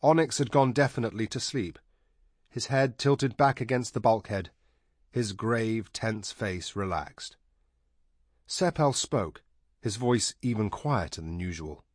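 A man narrates a fantasy novel in a calm, measured way. His voice sits on the low side and is recorded close and dry, with no room sound. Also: dry recording. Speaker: audiobook narrator. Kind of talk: scripted narration.

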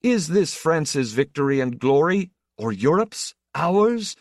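A man's voice: on the high side, very animated, takes it slowly, dry recording, studio quality, voice pushed up. A man voicing a male orator declaiming to a crowd in a big, slurring voice. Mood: rousing.

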